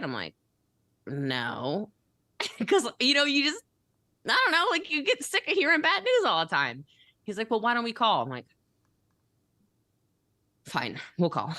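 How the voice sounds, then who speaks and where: A woman telling a personal story as a podcast guest, animated and giggly, upbeat in manner. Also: low-pitched, no room sound.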